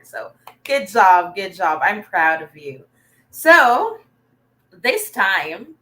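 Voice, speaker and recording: A woman's voice: medium pitch, pushed and bright, low-quality recording. A young woman, teaching an online reading lesson in an upbeat way, praising students and answering their comments. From Philippines. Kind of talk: livestreamed remedial reading lesson.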